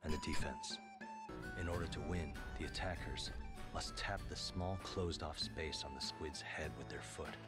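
An actor dubbing a grown man who recalls a childhood game, with calm, measured storytelling. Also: extremely low pitch. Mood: solemn. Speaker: dubbed voice of a drama narrator. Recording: show audio with loud music. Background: loud dramatic music.

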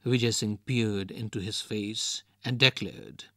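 A man's voice: on the low side, steady tone, unhurried, hardly any pauses, sharp tone, no echo, studio quality. A man with an Indian English accent reading a textbook story and its questions aloud for a lesson. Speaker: lesson narrator.

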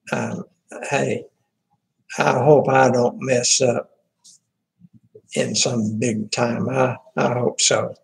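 A man, a pastor talking informally through the church's prayer requests in a halting, folksy way with many fillers and restarts. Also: medium pitch, gravelly, poor audio.

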